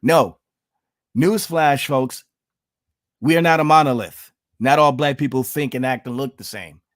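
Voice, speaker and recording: A man's voice: mid-range voice, measured pace. A man from the United States giving emphatic political commentary on his vlog, repeating himself and addressing viewers as folks.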